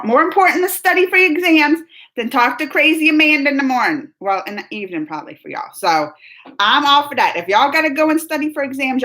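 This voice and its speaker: Chatty animated woman vlogger. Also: sits high. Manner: animated, rambling, lots of "like" and laughs. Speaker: host of a movie reaction livestream. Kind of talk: casual livestream chat.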